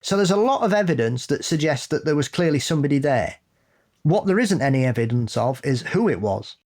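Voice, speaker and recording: A man's voice: fairly high pitch, fairly quick. Blunt, opinionated man. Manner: blunt, sweary and opinionated, building to animated laughing rants. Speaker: podcast co-host. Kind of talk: casual chat.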